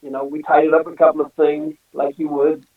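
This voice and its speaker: A talkative man with a high voice, who tells his stories in a loose, easy way and laughs between them. He is heard remotely over a thin, phone-like line. The sound is distant and echoey. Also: monotone, fairly quick. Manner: chatty storyteller, laughs often, many "you know"s. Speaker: singer and guest. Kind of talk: casual interview chat.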